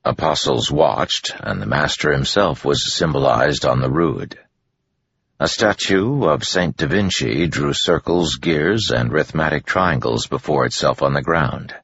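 A man reads a novel aloud in measured, even narration. His voice is extremely deep with a gravelly, husky edge. The recording sounds dull and lo-fi. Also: no echo. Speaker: audiobook narrator. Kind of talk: scripted narration. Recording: dull lo-fi audio.

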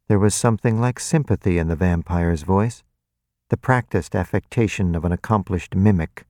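A man narrating a novel in the first person in a wry, even way, close to the mic. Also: low voice, normal speed, no room sound. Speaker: audiobook narrator.

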